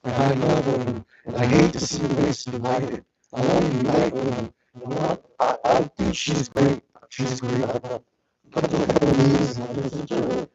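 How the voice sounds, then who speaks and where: A man's voice: medium pitch, flat delivery, moderate pace, pauses often, a crowd in the background. A man, speaking earnestly and with emotion as an applicant at a city council meeting. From South Texas. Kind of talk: impassioned public remarks. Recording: muffled meeting recording with background noise.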